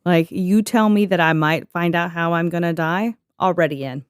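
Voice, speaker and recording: A woman's voice: lowish voice, moderate pace, smooth, no room sound, studio quality. A young woman co-hosting a podcast in a casual, joking way, reading from notes and laughing often. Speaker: podcast co-host.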